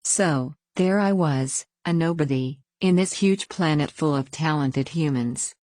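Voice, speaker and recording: Female story reader, very low voice, dry close sound, plain even first-person narration. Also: a little slow, no echo.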